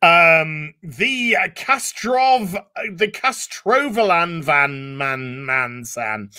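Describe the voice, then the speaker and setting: Male live-stream co-host reading super chats: bright, forward tone, loose and profane. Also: fairly high pitch, very slow, smooth. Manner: profane, laughing, animated. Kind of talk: casual live-stream chat.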